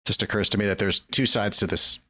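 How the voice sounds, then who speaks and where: A man's voice: on the low side, steady tone, brisk, bright, forceful tone. A man playing a tabletop game, chatting casually and playfully in and out of character. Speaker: player.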